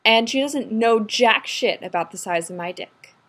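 A woman's voice: fairly high pitch, normal speed, fairly bright tone. A woman voicing a brash, short-tempered male city cop who talks bluntly and swears. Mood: irritated.

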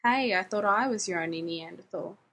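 A woman voicing a protective man who gives short, firm directions and teases gently. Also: medium pitch, moderate pace. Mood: firm, caring.

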